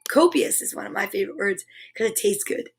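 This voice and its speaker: A woman's voice: medium pitch, lively intonation, a little fast, gravelly, background noise. A woman hosting a live stream, chatting with viewers and reading their comments aloud in a bubbly, exclamatory way. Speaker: host of a live comedy stream.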